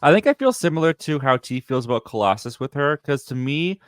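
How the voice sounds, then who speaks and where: A man with a mid-range voice hosts a relaxed movie discussion. He moves the panel along and calls on each guest. The sound is dry and close. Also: medium pitch, fairly quick, smooth, no echo. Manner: steers the talk, asks others for verdicts. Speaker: host of a movie review stream. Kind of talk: casual film review chat.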